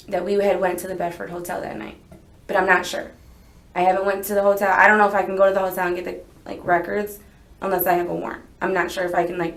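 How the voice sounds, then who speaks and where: A young woman telling a police interviewer what happened, rambling and unsure, hedging her memory as she goes. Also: fairly low pitch. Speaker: witness being interrogated. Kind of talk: recounting events in a police interview. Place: interrogation room. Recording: echoey interview room.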